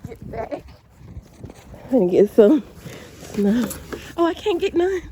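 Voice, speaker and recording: A woman's voice: on the high side, very animated, takes it slowly, warm tone, slight background noise. A woman vlogging outdoors in the snow on a handheld phone, chatty and laughing, cold and a bit out of breath. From Georgia, US. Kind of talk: casual vlog outdoors in snow. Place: outdoors in snow, parking lot. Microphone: handheld phone camera.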